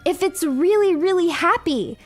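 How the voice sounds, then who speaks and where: A young adult woman streamer chatting casually with her viewers, telling a story in an animated, emphatic way with lots of repetition. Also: very high voice, normal speed, faint music behind.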